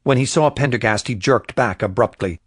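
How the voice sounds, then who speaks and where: A man narrating a crime thriller audiobook in a measured, even storytelling voice. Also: mid-range voice, slightly rough, no echo, clean studio sound. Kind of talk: scripted narration.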